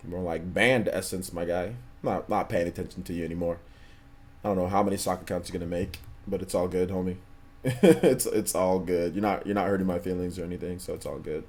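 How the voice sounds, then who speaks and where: Low-pitched male stream host, relaxed and slangy, loops back on his words. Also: brisk. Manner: laid-back, slangy, repeats himself. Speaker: livestream host. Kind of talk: casual livestream chat, reading chat messages.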